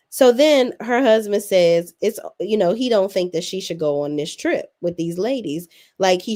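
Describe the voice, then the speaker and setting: A woman's voice: medium pitch, a little mellow. A young adult woman hosting a casual recap, blunt, sassy and full of swearing. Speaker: reality TV recap host.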